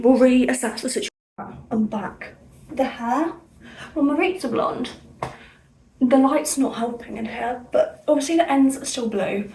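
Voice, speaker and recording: A woman's voice: fairly high pitch, gravelly, far from the mic. A young woman from England, chatting in a rambling, self-correcting way while she dyes her hair for a vlog. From Somerset, England. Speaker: vlogger. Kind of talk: casual hair-dye vlog chat. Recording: echoey room, off-mic.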